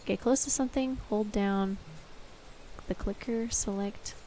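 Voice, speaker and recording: A woman's voice: medium pitch, measured pace, slight background noise, poor audio. A woman with a Canadian accent chatting and laughing as she plays a video game on camera. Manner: chatty, giggly, easily excited. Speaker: gamer playing on camera. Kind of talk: casual let's-play chat. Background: game music.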